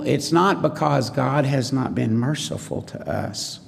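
A man's voice: mid-range voice, expressive, unhurried, vocal fry, big-room sound, slight background noise. A man preaching a sermon in a folksy way, often asking the congregation questions.

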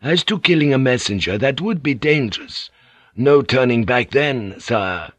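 A man's voice: medium pitch, lively intonation, unhurried, fairly bright tone, dry recording, voice pushed up. A man reading an audiobook, voicing a worried, cautious samurai adviser who argues in a heated, anxious way.

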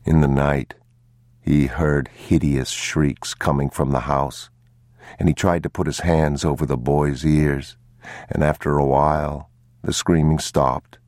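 A man narrating an audiobook in a slow, grave, measured manner. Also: extremely low pitch, level tone, darkish tone, dry recording, clean studio sound.

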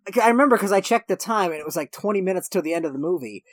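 A man co-hosting a casual movie podcast, his voice sitting a touch higher than most men's. He rambles and corrects himself as he recaps the plot. The recording is dry and close, with no room sound. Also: lively intonation, racing, dry recording. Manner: rambling, self-correcting, laughs while recapping. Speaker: podcast co-host.

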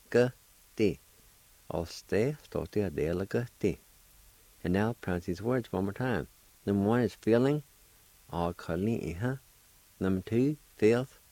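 A man hosting a radio language lesson, spelling out words and repeating each syllable deliberately. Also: fairly low pitch, darkish tone, no echo. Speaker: language teacher and radio host.

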